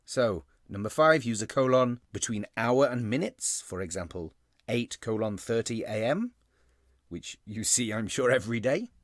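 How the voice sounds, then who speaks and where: A male English teacher giving a recorded grammar lesson, explaining step by step and slowing down on key terms. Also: mid-range voice, animated, no echo, studio quality.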